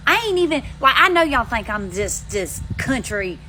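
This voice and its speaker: A woman's voice: fairly high pitch, big pitch swings, moderate pace, sharp tone, slight background noise, low-quality recording. A woman with an Alabama Southern accent, chatting casually to her phone while sitting outside on her front steps, rambling in folksy country slang. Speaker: vlogger. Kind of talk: casual chat to camera.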